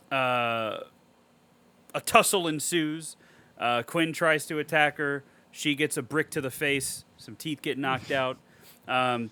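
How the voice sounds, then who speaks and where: A man recapping a movie in a casual podcast chat, excitable and swearing a lot. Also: fairly high pitch, clean tone. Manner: excitable, heavy swearing, animated storytelling. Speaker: podcast co-host.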